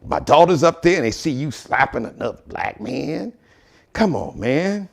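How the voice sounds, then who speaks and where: A man's voice: fairly high pitch, big pitch swings, normal speed, gravelly, full character voice. A man putting on an impression of an indignant older father who scolds a younger man in an exasperated, lecturing way. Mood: scolding.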